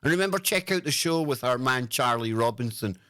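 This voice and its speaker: A man's voice: medium pitch, animated, fairly quick, sharp tone, no echo. A British man hosting a casual livestream, talking in a sarcastic, mocking way as he reads out chat comments. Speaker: livestream host.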